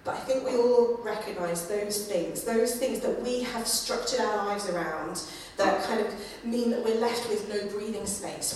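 A woman giving a conversational sermon, with many fillers and lively acted-out quotes. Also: mid-range voice, distant mic, a little hiss or hum. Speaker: preacher. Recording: echoey room, voice from afar.

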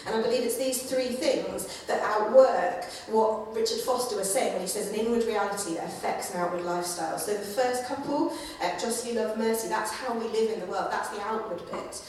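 A woman giving a conversational sermon, with many fillers and lively acted-out quotes. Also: mid-range voice, brisk, hardly any pauses, distant mic, slight background noise. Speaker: preacher. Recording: echoey room, voice from afar.

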